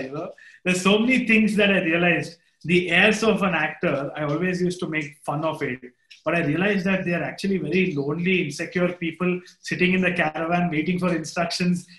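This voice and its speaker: A man's voice: sits high, roomy sound, rough recording. A man in his thirties with an Indian English accent, telling stories in a casual video chat as a guest, cursing casually and acting out what others said. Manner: animated storytelling, swears casually, quotes others. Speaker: interview guest, film director.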